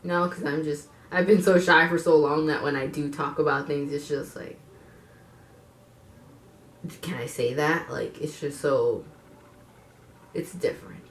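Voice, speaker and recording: A woman's voice: sits low, steady tone, measured pace, long pauses, slight background noise. A woman in her twenties telling a personal story to her viewers, blunt and frank, swearing freely and turning to the audience with asides. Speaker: vlogger. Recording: echoey room.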